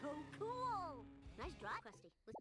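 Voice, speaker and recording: A cocky little cartoon boy, voiced by a woman, tosses off chirpy, boastful game taunts. His voice sits up in a squeaky register and leaps around, and he drawls every word out slowly. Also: very animated, sharp tone, soft background music, exaggerated voice. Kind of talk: video game voice clips.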